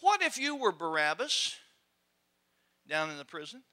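A man's voice: on the high side, big pitch swings, measured pace, sharp tone. A male preacher giving a sermon, telling scripture stories dramatically and acting out the scenes with his congregation.

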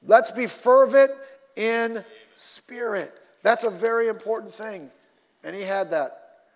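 A male pastor preaching a sermon in an animated way, repeating himself and swinging between loud and soft. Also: high voice, slow, big-room sound.

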